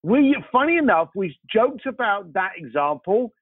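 A man's voice: high voice, normal speed, husky, dry recording. A man telling stories in an interview, acting out the dialogue as he goes. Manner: animated storyteller acting out dialogue. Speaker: guest, concierge business owner. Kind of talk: interview storytelling. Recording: tinny phone-like line, dry.

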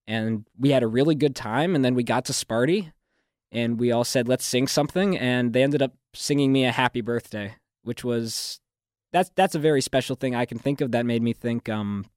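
Young man, student guest on campus radio; polished newsreader cadence, mid pitch, dry studio mic. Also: darkish tone, dry recording. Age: young adult. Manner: fluent, newsreader-like delivery with restarts and laughs. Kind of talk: casual radio interview. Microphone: studio microphone.

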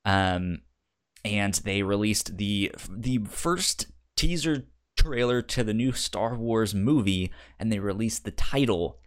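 A man's voice: on the low side, expressive. A man co-hosting a casual podcast chat, stumbling through restarts and fillers, with the hiccups. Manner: halting, many restarts and fillers. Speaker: podcast co-host.

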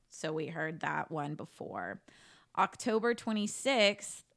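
Chatty lower-voiced woman telling a case. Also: a bit bright. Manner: chatty, swears, lots of "like". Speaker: podcast co-host telling a case. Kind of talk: casual true-crime storytelling.

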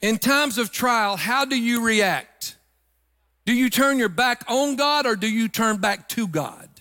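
A man's voice: extremely high pitch, expressive, a little slow, bright, forceful tone, long reverb tail. A middle-aged man preaching a sermon, emphatic and rising into sung phrases. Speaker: pastor.

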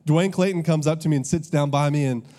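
Man, pastor, sermon, casual asides, mellow tone. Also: fairly high pitch, quick pace. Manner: conversational storytelling, audience asides.

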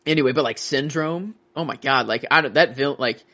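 A young man talking movies on a casual podcast, in a middle-pitched voice. He rambles and restarts, full of fillers, and his excitement runs ahead of his words. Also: fairly quick. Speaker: podcast co-host.

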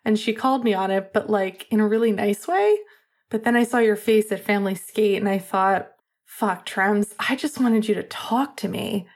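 A woman voicing an earnest young man who rambles, softly pleading and blaming himself. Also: medium pitch, normal speed, lightly acted.

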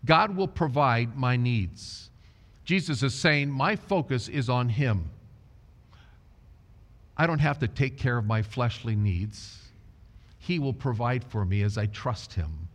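Guy preaching a sermon, slow and deliberate, big hall echo on it. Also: medium pitch, expressive. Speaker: pastor.

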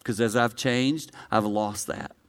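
Guy pastor preaching, smooth clear voice, goes from quiet and low to loud and high and excited, talks right at the crowd. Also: a little slow. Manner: conversational, personal preaching with direct address. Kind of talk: sermon to a live congregation.

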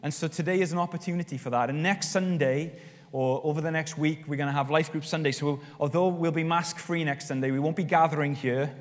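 A man preaching a sermon as pastor, telling stories with animated, rising emphasis. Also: on the high side, fast. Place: church hall. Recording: long reverb of a church hall.

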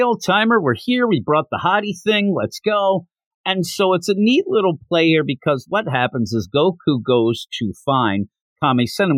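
A man hosting a manga podcast, recapping a chapter in a loose, giggly way and slipping into the characters' lines. His voice sits on the high side and moves about a lot. The sound is close and dry. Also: dry recording. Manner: animated, giggly, acts out dialogue. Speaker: podcast host reviewing manga.

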